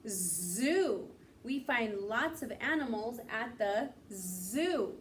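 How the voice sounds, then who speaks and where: A woman with a fairly high voice leads a phonics lesson for small children, sounding words out slowly and cheering them on. She is a little off-mic, with faint room noise behind her. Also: animated, a bit bright, recorded from a distance. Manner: slow, clear, encouraging teacher talk. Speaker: teacher.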